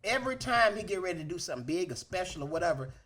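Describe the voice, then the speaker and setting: Bright-voiced man hosting a comedy podcast. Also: sits high, racing. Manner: animated, repeats himself, builds up to points. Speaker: podcast host. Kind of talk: casual comedy podcast banter.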